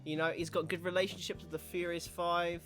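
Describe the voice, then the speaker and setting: A man co-hosting a podcast in casual, animated, rambling chat. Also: high voice, a little fast, soft background music. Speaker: podcast co-host.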